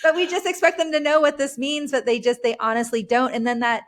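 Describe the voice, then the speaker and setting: Brief: calm, explanatory woman guest expert, slightly high voice, steady with many "like"s. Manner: measured, explanatory, frequent "like" fillers. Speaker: podcast guest, parenting educator and author. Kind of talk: explanatory podcast conversation.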